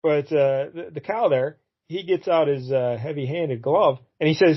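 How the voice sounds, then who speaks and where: A man with a somewhat high voice casually recaps a comic book story for a podcast, full of fillers and little acted-out lines. The audio is a bit dull and lo-fi. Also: normal speed, few pauses, breathy edge. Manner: rambling, retells the plot and acts out characters' lines. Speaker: podcast co-host.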